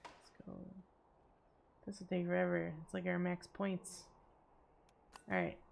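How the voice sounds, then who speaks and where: A sleepy woman streamer with a raspy voice, chatting casually to her chat and to herself as she plays. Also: lowish voice, completely flat delivery, measured pace, a little mellow, a little hiss or hum. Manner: chatty, talks to chat and herself, laughs often.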